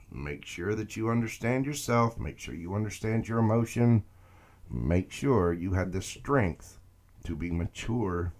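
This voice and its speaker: A man reading tarot cards on a live stream, chatting with viewers and greeting them by name. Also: sits low. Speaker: tarot reader.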